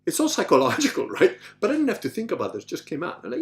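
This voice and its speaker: A man whose voice sits high talks very fast, rambling through street stories as a podcast host answering listener questions. In this casual monologue he restarts frequently, says "you know," and acts out voices animatedly.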